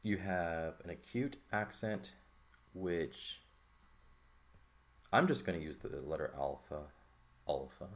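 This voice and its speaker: Man, very low voice, casual teacher, lots of ums and "right?". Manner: thinking aloud with many fillers and "right?" checks. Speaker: Greek teacher. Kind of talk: informal lesson walkthrough.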